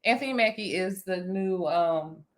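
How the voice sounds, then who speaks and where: A woman hosting a casual chat, animated and talkative, laughing often. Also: on the low side, a little slow. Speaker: vlog host.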